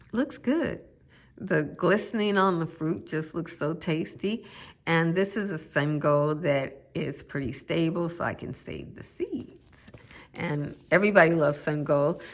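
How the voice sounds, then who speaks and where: A woman gardening vlogger chatting casually and musing aloud, with self-deprecating asides. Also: low voice. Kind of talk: casual chat.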